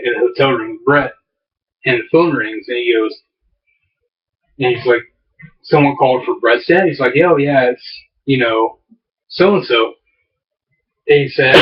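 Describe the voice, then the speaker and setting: A man co-hosting a podcast, telling stories in casual chat with lots of fillers and restarts. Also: mid-range voice. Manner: rambling storyteller, many fillers and restarts. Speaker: podcast co-host. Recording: distant, dull lo-fi mic.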